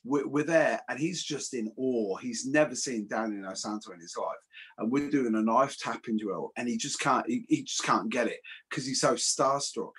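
Guy, kinda husky, rambly animated storyteller, swears a bit. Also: mid-range voice, moderate pace. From England. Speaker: martial arts instructor. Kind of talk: casual podcast chat.

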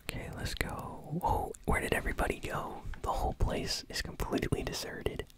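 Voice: moderate pace, fairly bright tone. An ASMR gaming host whispering casual, easily amused gameplay commentary while chewing bubblegum.

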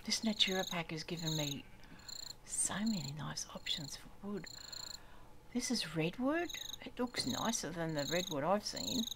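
A woman's voice: fairly low pitch, expressive, measured pace, heavy background noise. A woman giving chatty, exclamatory commentary on her gameplay and talking to the animals she meets. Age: older. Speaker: gaming YouTuber. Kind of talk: casual let's-play commentary.

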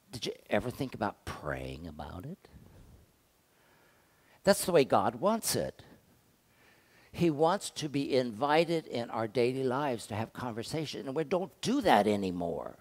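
An older man preaching a sermon as pastor, conversational, asking the congregation rhetorical questions and swinging between loud and soft. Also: medium pitch, sing-song, moderate pace.

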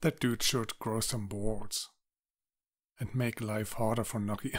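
Slow, joking German-accented reactor. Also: male voice, fairly low pitch, fairly even intonation. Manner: joking, laughing asides. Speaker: reaction video host. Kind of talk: casual commentary between clips.

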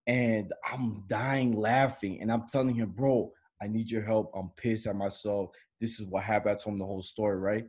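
A man's voice: on the low side, moderate pace. A young man co-hosting a podcast, telling a story in casual chat and laughing often as he goes. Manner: animated, laughs often while telling stories. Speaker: podcast co-host.

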